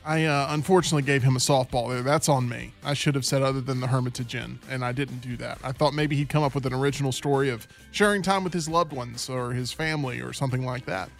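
Animated storytelling male host. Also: mid-range voice, fast, gravelly, few pauses, faint music behind. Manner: animated storyteller who acts out quotes. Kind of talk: casual chat.

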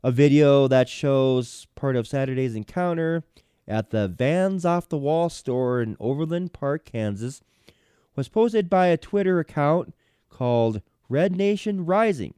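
A man's voice: a little high, animated, a little slow, warm tone, smooth, no room sound, clean studio sound. A man hosting a casual podcast, reading news stories and commenting on them in a hesitant, rambling way. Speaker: podcast host.

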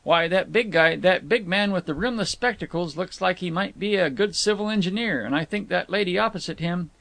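A humble, plain-spoken young man who keeps trying to smooth things over with his companion. A man narrating a novel gives him a slightly raised voice with a gravelly texture. The sound is close and dry. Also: sits high, a little fast, a bit bright, no room sound, pitched above the performer's own voice. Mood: placating. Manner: folksy, says "ain't", mild and placating.

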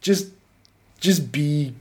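A man's voice: fairly high pitch, very slow. A man chatting casually about a film, rambling with many restarts and swearing freely. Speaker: film podcast co-host. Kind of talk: casual chat.

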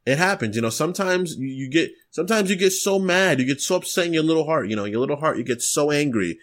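A young man co-hosting a podcast, telling stories in casual chat and breaking into loud, explosive laughter. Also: on the high side, animated, fast. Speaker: podcast co-host.

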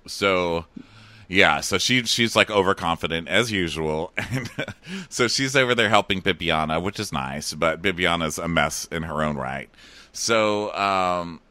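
A man's voice: low voice, measured pace, pushed and bright, dry recording. A man co-hosting a podcast, casually recapping a reality show and doing voices, laughing often. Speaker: podcast co-host.

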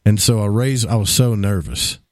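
A man who is a guest on a talk show, telling a childhood story in an animated way. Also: lowish voice, normal speed, dry recording, studio quality.

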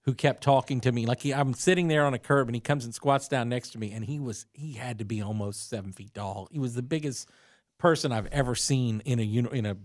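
A man co-hosting a casual podcast, telling stories in an animated way. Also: medium pitch, fairly quick, dry recording, clean studio sound. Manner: storytelling, animated. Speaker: podcast co-host.

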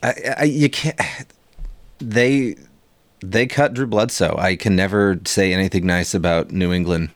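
A man's voice: deep voice, a little slow, no room sound. A man co-hosting a sports podcast, joking and swearing in casual banter. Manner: profane, joking, laughs often. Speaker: podcast co-host.

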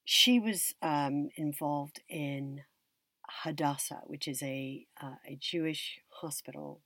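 An American actress and drama teacher shares a personal story in an interview, reflective and unhurried, often trailing off and starting again. Her low, husky voice has a fairly bright tone, captured in a dry, close recording.

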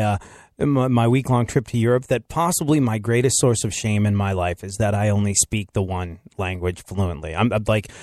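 Animated man hosting talk radio. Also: medium pitch, dry recording, studio quality. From United States. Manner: animated storytelling with laughs. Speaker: radio show host. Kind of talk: casual talk radio monologue.

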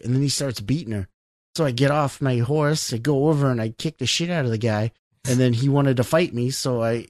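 A man's voice: medium pitch, a little mellow, no room sound, clean studio sound. A man in casual chat, animatedly telling stories about a video game and acting out his own reactions, swearing freely. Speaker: gamer.

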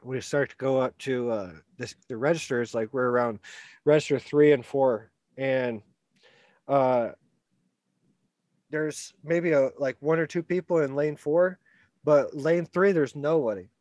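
A man recounts a personal story in loose, rambling chat, often stumbling over his words and laughing along. His voice sits at an ordinary pitch. The sound is dry and close. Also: unhurried, dry recording. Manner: rambling, animated, repeats words and restarts. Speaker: guest telling a story. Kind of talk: casual storytelling.

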